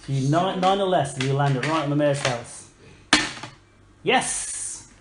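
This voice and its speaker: A woman's voice: deep voice, a little fast. A woman running a tabletop game for children, asking patient, coaxing questions. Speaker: game master. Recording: echoey room, faint noise.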